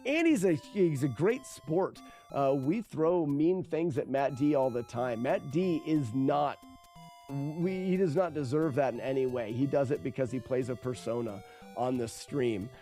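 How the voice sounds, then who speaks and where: A man's voice: mid-range voice, animated, a little slow, mellow, soft background music. A man streaming a game and commenting casually, rambling and self-mocking, often laughing and swearing. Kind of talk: casual live gameplay commentary.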